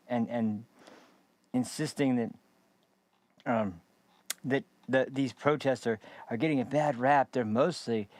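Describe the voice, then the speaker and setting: A man's voice: mid-range voice, darkish tone, dry recording. A man hosting a political commentary show, rambling and sarcastic with many fillers and restarts. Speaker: podcast host.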